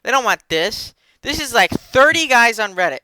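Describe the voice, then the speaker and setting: A pushy businessman on a phone call, all loud, high, wheedling salesman patter, as a podcast host puts him on. His voice sits high and bright. The sound is dry and close. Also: sing-song, moderate pace, smooth, dry recording, full character voice. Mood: ranting.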